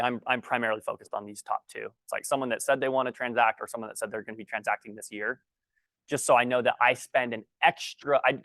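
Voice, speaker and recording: A man teaching a workshop, a little out of breath, talking in halting bursts with many restarts while he writes on a board. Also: medium pitch, fairly bright tone, dry recording. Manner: halting, restarts sentences often. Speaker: guest trainer.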